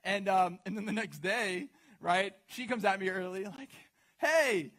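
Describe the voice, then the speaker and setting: A man's voice: high-pitched, moderate pace, fairly bright tone. A young man preaching to a congregation in a casual, joking storytelling way, full of asides and questions to the crowd. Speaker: pastor speaking to a congregation. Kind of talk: storytelling sermon.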